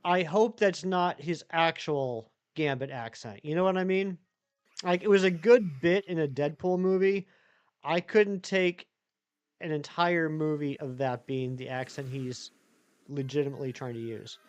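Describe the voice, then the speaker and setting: A man's voice: fairly high pitch, unhurried, clear, resonant tone, lo-fi sound, soft background music. A man live-streaming who chats loosely with viewers, reads their messages aloud and rambles with many restarts. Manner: rambling, chatty, reads chat aloud and answers it. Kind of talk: casual live-stream chat.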